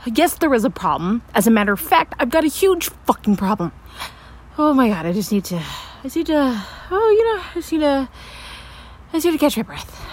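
A woman's voice: a little high, a little hiss or hum. A woman playing a frantic young scientist in an audio role-play, stammering, breathless and swearing. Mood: panicked. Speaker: voice actor.

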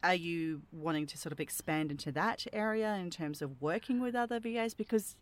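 A woman's voice: on the low side, a little fast, dry recording. An Australian woman hosting a casual interview, rambling and self-deprecating, laughing at her own puns. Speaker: podcast host interviewing a voice actor. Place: home, rural property.

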